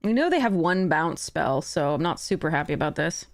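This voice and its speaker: A woman's voice: sits low, sing-song, fairly quick. Frustrated woman streaming a card game. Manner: frustrated, swearing, thinking aloud. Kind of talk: live game commentary.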